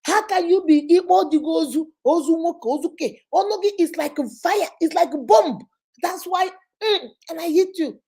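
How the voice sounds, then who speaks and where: A woman voicing an indignant married man who hits his wife, talking high and agitated. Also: moderate pace, mellow. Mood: defensive.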